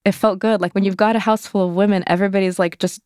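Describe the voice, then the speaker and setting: A woman's voice: medium pitch, fairly even intonation, fast, a little mellow, clean tone, no echo, clean studio sound. A young woman telling a personal story in an interview, candid and loose, full of "like" fillers. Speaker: interview guest.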